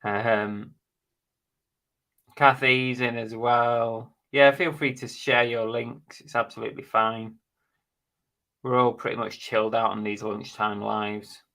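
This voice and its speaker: A man's voice: medium pitch, measured pace, vocal fry, pauses often, sharp tone. A man hosting a casual live stream, chatting bluntly and jokily while reading out viewer comments.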